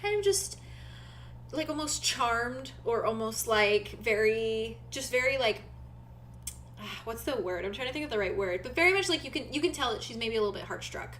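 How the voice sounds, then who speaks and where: A woman's voice: fairly high pitch, lively intonation, normal speed, a bit bright, a little hiss or hum. A woman running a tabletop game as game master, narrating in a rambling way and searching for words with many fillers.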